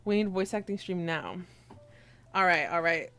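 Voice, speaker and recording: A woman's voice: lowish voice, expressive, moderate pace, creaky, bright, forceful tone, clear, resonant tone. A young woman streamer chatting casually with her viewers, teasing and giggling as she reads the chat aloud.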